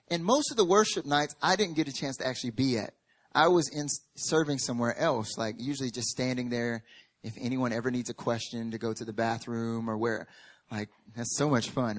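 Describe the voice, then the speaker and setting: A man preaching a sermon as a pastor. He tells a personal story with humor and emphatic repetition, and sometimes drops to a quiet, earnest tone. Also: mid-range voice.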